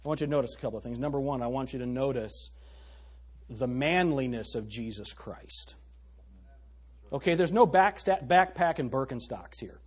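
A man's voice: medium pitch, expressive, moderate pace, husky. A male pastor preaching a sermon, reading scripture aloud and pressing the congregation with emphatic rhetorical questions.

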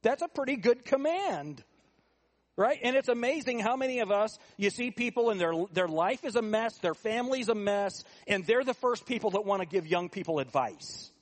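A middle-aged man preaching a sermon, asking the congregation rhetorical questions and moving between quiet asides and raised, emphatic points. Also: high voice, lively intonation, normal speed. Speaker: pastor.

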